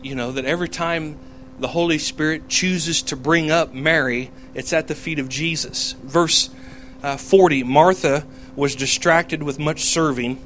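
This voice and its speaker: A man's voice: a little high, fairly even intonation, a little slow, fairly bright tone, slight background noise. A man giving a casual Bible teaching, talking it through conversationally, with fillers and self-corrections as he reads out verses. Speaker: preacher.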